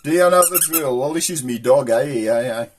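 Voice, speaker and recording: A man's voice: medium pitch, moderate pace, background noise. A middle-aged man with a Black Country accent, chatting casually to camera and telling jokes in a rambling way, chuckling at his own punchlines. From England. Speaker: channel host.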